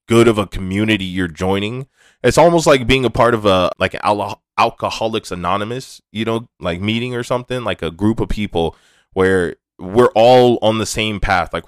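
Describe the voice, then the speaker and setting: A man's voice: sits low, fairly bright tone, smooth, no room sound, clean studio sound. A young adult man hosting a casual, rambling, candid monologue, with frequent restarts and swearing. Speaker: podcast host.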